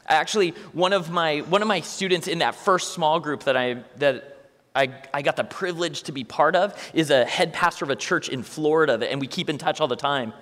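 A young man with a slightly raised pitch gives a story-driven church talk. He jumps between voices, acting out both sides of each exchange with deadpan humor. His voice rings out in a large hall with long reverb. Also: brisk. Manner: animated, plays out both sides of conversations with dry humor. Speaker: speaker sharing a testimony.

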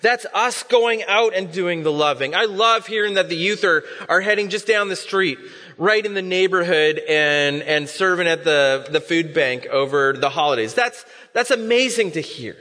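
A man's voice: sits high, normal speed, bright, forceful tone, big-room sound. A man preaching as a pastor, telling a story in a conversational way with casual asides. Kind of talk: sermon.

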